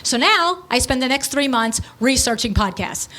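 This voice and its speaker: Speaking in a high voice, a middle-aged podcast host and business owner relates a story with casual energy. Her delivery is breezy and blunt, peppered with rapid side comments.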